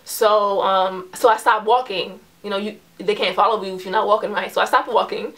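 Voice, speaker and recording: Young woman in her twenties, casual storytime vlogger, filler-heavy, animated delivery. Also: mid-range voice, fairly quick. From New York. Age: 20s. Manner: chatty, heavy use of "like" and "um"; animated storyteller, voice rises when retelling the confrontation.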